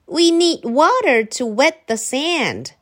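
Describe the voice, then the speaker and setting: A woman reading aloud plays a cheerful small boy in a storybook. He sounds high and bright, and his voice leaps up and down with eagerness. Every line comes out upbeat and hopeful. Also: big pitch swings, slow pace, full character voice. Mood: eager.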